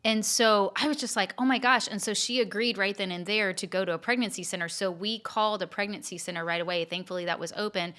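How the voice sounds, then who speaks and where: Woman, podcast storyteller, bright tone, chatty, restarts often. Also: medium pitch, fast, hardly any pauses. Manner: lively storyteller with frequent fillers and restarts. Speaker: podcast co-host telling stories. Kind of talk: casual storytelling chat.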